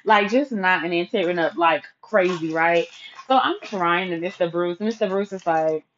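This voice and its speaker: A woman's voice: lowish voice, normal speed, a little hiss or hum. A woman casually telling a personal story, chatty and profane, with asides to her listeners. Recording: dull lo-fi recording.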